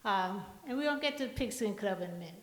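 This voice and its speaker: An older woman giving a storytelling memorial tribute speech in a large hall, slow and deliberate. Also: mid-range voice, lively intonation. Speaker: eulogy speaker. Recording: echoey hall, voice from far off.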